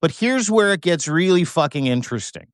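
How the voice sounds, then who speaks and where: A man hosting a political chat in a slightly high voice. He swears and mocks as he goes, and the sound is dry and close. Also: expressive, a little fast, no echo. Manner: profane, mocking, reads posts aloud. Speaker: show host.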